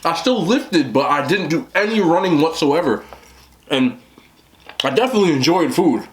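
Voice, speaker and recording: A man's voice: on the high side, expressive, normal speed. A young man who vlogs about eating, chatting casually as he eats on camera, often talking with a mouthful and rambling. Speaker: mukbang vlogger.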